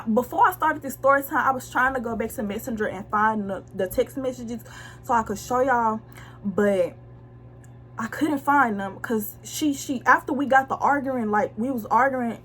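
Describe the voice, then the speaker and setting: Young woman with a higher voice, blunt and slangy. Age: young adult. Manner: blunt, slangy and animated, addressing viewers directly. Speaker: vlogger telling a story. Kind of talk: casual storytime chat.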